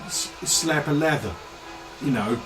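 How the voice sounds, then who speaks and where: A man's voice: fairly high pitch, measured pace, music in the background, close to an everyday voice, poor audio. A man voicing a leering Cockney layabout who mutters and rambles on in slang. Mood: rambling.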